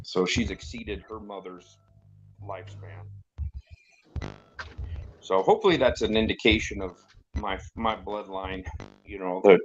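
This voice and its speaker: A man's voice: lowish voice, unhurried, pauses often, dull audio, a little hiss or hum. A middle-aged man telling rambling, crude stories in casual chat as a regular on the show. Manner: rambling, crude, laughing storyteller.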